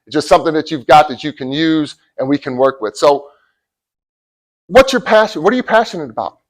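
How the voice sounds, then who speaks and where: A middle-aged man giving a motivational talk to college athletes, telling a personal story and swinging from loud bursts to hushed asides. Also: a little high, animated, fairly quick, low-quality recording. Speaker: motivational speaker.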